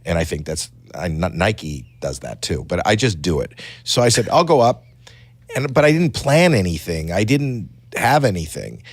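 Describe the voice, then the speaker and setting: Animated stammering storyteller man, low voice. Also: normal speed, hardly any pauses, no room sound. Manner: animated, stammering restarts, rambling anecdotes. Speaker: podcast guest. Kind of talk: casual storytelling chat. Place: podcast studio.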